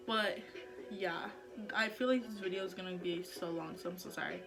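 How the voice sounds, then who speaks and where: A woman's voice: mid-range voice, fairly even intonation, moderate pace, pauses often, fairly bright tone, faint music behind. Young woman vlogging, heartfelt and chatty. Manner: chatty, heartfelt, many "like" and "um" fillers. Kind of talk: casual personal vlog talk.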